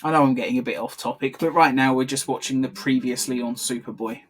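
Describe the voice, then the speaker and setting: A man co-hosting a relaxed episode commentary, talking in a medium-pitched voice. He chats freely, drifts off topic, and laughs often between his points. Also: fast, slightly rough. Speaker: podcast co-host. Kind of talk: casual commentary chat.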